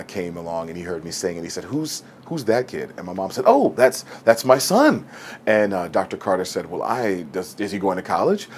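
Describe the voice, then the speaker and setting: A man in his forties with a somewhat low speaking voice recounts his path as a stage actor. He tells it animatedly, slipping into the voices of the people he quotes. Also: slight background noise. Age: 40s. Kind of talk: personal storytelling.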